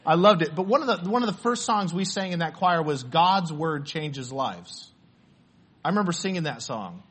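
Casting note: male pastor with a high-set voice, earnest storytelling sermon delivery, stammered restarts. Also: lively intonation, normal speed, fairly bright tone, breathy edge. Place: church.

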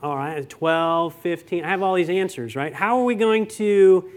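A man with a fairly high voice preaches to his congregation in a loose, conversational way. He keeps asking the room questions and tells homey stories between verses. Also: moderate pace. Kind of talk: sermon.

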